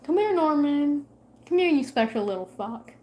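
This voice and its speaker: Casual woman vlogger, talks to camera at home, swears and teases her cat, a touch high. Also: animated, normal speed, a little mellow. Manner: profane, teasing talk to her cat.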